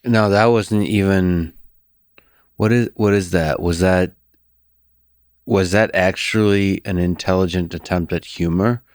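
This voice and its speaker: A man hosting a podcast, asking slow, probing questions with hesitant fillers. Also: low voice, fairly even intonation, no echo, clean studio sound. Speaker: podcast host. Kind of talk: interview conversation.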